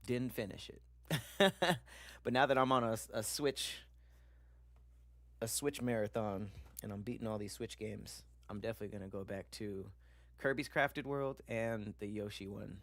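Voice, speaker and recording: A man's voice: lowish voice, measured pace, a bit bright, no echo. A man streaming casually, chatting loosely with slang and swearing while he reacts to videos and reads viewer comments.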